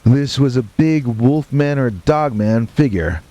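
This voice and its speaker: Slowly and in a mellow, dark-toned voice of average pitch, a man recounts a first-person horror tale with deadpan, matter-of-fact delivery and the odd wry aside. Rain and thunder roll in the background of the lo-fi recording.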